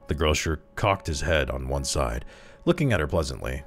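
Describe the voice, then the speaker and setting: A man with a remarkably deep voice narrates a dark short story. His delivery is dramatic and expressive, and his pitch rises and falls widely while he slows down on the tense moments. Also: faint music behind. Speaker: story reader.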